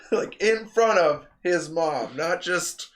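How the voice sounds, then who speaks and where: A man's voice: high-pitched, a bit bright. A man hosting a casual podcast chat, telling workplace stories with swearing and acted-out quotes. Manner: storytelling, swears, acts out quotes. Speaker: podcast host.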